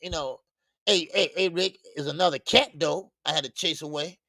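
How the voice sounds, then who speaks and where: A man's voice: a little high, moderate pace, vocal fry, sharp tone. A man hosting a casual boxing talk livestream, slangy and rambling, greeting chat viewers by name and stumbling into stammered restarts. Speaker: boxing show host. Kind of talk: casual live-stream talk.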